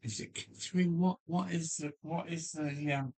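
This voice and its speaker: A man's voice: fairly high pitch, steady tone, darkish tone, breathy edge. An older man from Kent with a Kent accent, chatting casually and rambling on a livestream. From Kent, England. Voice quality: slow and rambling, with frequent restarts and fillers. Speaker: livestream host. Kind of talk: casual chat. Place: home loft.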